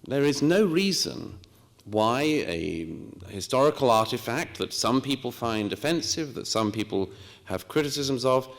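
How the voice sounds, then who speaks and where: A man from Britain giving a measured, storytelling lecture with quoted asides. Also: medium pitch, a bit bright, big-room sound. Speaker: speaker. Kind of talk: lecture talk.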